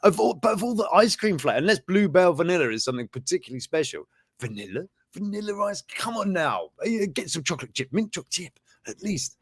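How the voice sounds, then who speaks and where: A man's voice: high voice, very animated, fast, slightly rough, no room sound, clean studio sound. A man hosting a show, rambling through news items in casual commentary, chuckling and breaking off mid-sentence. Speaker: show host.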